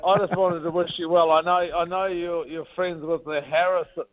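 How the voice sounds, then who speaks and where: Brief: man doing a friendly Kiwi bloke on the phone, New Zealand accent, voice raised noticeably higher, tinny phone sound. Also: little pitch movement, moderate pace, close to an everyday voice. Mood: cheerful. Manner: friendly, chatty, rambling. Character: cheery rural New Zealand man phoning to wish luck. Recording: phone-like lo-fi line.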